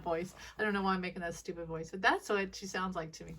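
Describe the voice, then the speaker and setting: Brief: lower-pitched woman, casual intuitive reader, rambling and self-interrupting. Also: steady tone, quick pace, few pauses, pushed and bright, distant mic. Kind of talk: casual commentary.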